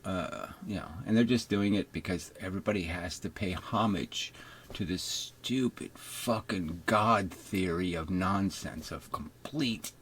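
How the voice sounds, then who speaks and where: An older man with a deep, fairly bright voice rants on camera at an unhurried pace, with a little hiss or hum in the background. His unscripted monologue is profane and mocking, and he often slips into sarcastic put-on voices imitating others.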